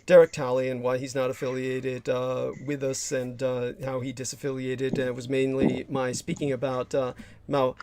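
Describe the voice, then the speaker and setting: Hoarse gravelly man hosting a livestream. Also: mid-range voice, level tone, a little mellow, slight background noise. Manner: halting, many fillers and restarts. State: hoarse, losing his voice. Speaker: livestream host. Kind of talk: casual livestream chat.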